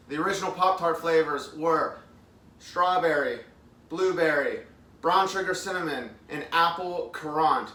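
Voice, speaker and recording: Casting: upbeat male streamer, thirties, bright forceful voice, a little off-mic in an echoey room. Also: on the high side, distant mic. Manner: chatty, upbeat, talks with mouth full, reads comments aloud. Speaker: vlogger hosting a live eating show. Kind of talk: casual live-stream chat.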